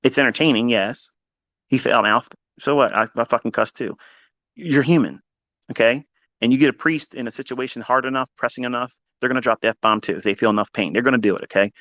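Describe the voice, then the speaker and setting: A man's voice: a little fast, dry recording. Blunt, profane man lecturing on trading. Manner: blunt, profane, swings from low mutters to loud emphatic outbursts. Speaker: trading mentor. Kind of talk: unscripted motivational lecture.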